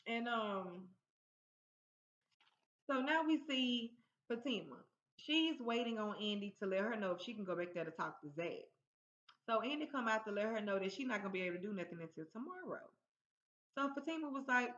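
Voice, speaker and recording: A woman's voice: a little high, expressive, moderate pace, long pauses, a bit bright. A woman hosting her own channel, casually recapping a TV episode in a chatty storytelling way and acting out the characters' lines. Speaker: TV recap host. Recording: roomy, dull lo-fi sound.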